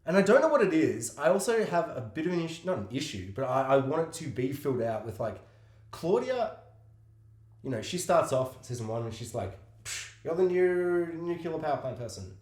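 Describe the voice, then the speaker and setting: A man co-hosting a podcast in casual chat, rambling and halting, with casual swearing. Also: medium pitch, very animated, darkish tone. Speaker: podcast co-host. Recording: roomy echo.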